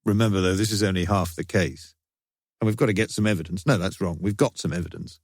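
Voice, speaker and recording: A man reading the lines of a sharp, self-assured middle-aged detective in an audiobook, with a dry, confident delivery. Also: low-pitched, fast, dry recording. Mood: brisk.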